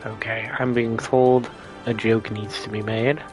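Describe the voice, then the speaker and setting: Man, low-pitched, casual gameplay commentary, rambling, explanatory, faint music behind. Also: flat delivery, measured pace. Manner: rambling, explanatory, thinks aloud. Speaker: let's play host.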